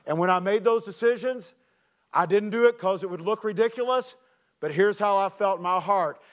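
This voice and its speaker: Male youth pastor preaching, high voice, lively storytelling, gets loud sometimes. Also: moderate pace. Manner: animated, shouts in the story, earnest appeals. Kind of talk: sermon with personal storytelling.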